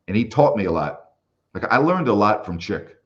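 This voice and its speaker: A man's voice: on the low side, normal speed, lo-fi sound. An older man, a former basketball broadcaster, telling stories in a casual interview and acting out the people he quotes. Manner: animated storyteller who acts out quoted voices.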